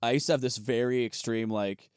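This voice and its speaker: A man co-hosting a comedy podcast, swearing freely, laughing often, and breaking into shouted mock rants. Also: medium pitch, steady tone, brisk, clear, resonant tone, no room sound, clean studio sound. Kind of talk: casual comedic banter.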